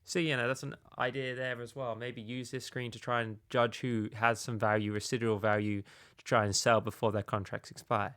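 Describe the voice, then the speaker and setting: A man's voice: mid-range voice, fairly quick, a bit bright, no room sound, clean studio sound. A man hosting a casual video game tutorial, talking in a rambling, conversational way with frequent filler phrases.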